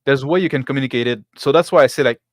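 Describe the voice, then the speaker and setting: A man who is not a native English speaker, a game master and host, talking casually in a halting way with many restarts and slips in grammar. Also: mid-range voice, dry recording, studio quality. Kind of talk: casual discussion.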